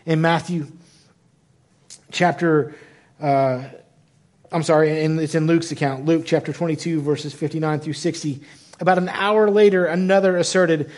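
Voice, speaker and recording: A male pastor with a fairly high voice for a man delivers a sermon in a Southern American church at normal speed with long pauses. He's animated, corrects himself mid-sentence, and acts out the figures in the passages he reads.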